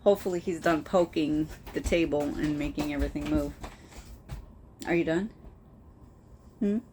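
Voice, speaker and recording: A woman's voice: sits low, moderate pace, dark tone, a little hiss or hum. A woman vlogging casually about her knitting, laughing often and talking sweetly to her dog. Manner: playful, laughing, baby-talk to her dog. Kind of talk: casual chat to camera.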